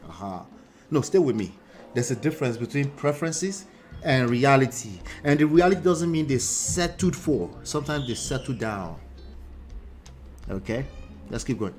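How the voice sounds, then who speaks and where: Animated man hosting a reaction. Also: medium pitch, moderate pace, faint music behind. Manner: animated, mocking, laughs often. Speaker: host reacting to a video with live chat. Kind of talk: live reaction commentary.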